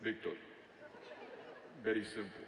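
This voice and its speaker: A man voicing his male Spanish mentor, a suave master salesman with a deep, rich voice. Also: steady tone, fairly bright tone. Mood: calm. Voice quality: deep, rich, slow and smooth. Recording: echoey hall, crowd, from afar.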